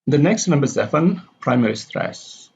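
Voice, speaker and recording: A male pronunciation lecturer, mid-range in pitch, speaks at a moderate pace with big pitch swings, vocal fry and a husky, slightly mellow quality. He reads example sentences before explaining which words take stress. The lo-fi recording is dull and carries faint background noise.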